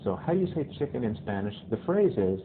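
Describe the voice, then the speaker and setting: A male Spanish teacher giving a casual video lesson who often checks in with "okay?" and repeats phrases slowly. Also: on the low side, sing-song. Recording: tinny phone-like lo-fi audio with faint hiss.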